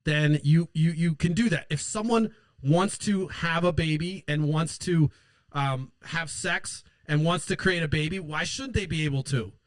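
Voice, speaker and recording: A man's voice: fairly high pitch, unhurried, dry recording. A man hosting a political show, ranting angrily and sarcastically, swearing constantly and mocking opponents in put-on quotes. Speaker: political podcast host. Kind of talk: profane political rant.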